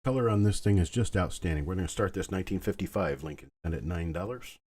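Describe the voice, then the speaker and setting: Male auction host, deep voice, slightly husky, calm and soothing bid calls. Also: fast talker. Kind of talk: live online auction calling.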